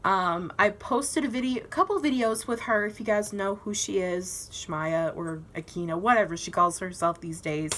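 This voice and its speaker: A bright, clear-voiced teenage girl chats to her camera at home. She tells her story in a loose, giggly way, with plenty of "um" and "like," and acts out the other voices as she goes. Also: mid-range voice, moderate pace, hardly any pauses, a little hiss or hum. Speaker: vlogger.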